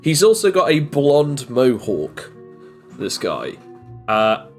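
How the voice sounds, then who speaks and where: Slow, rambling male game master. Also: mid-range voice, sing-song, soft background music. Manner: rambling, full of fillers and restarts. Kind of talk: narrating a tabletop game.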